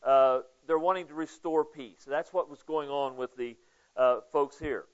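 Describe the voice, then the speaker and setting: This pastor's voice is fairly high and steady, and he speaks at a measured pace. His Bible study sermon is casual and conversational, and he calls on listeners by name with questions; the recording sounds dull and lo-fi.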